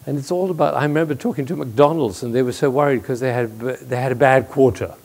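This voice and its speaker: An older man giving a lively, playful talk to an audience, telling stories and jokes as a speaker on music and leadership. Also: mid-range voice, quick pace, creaky. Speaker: conductor and speaker.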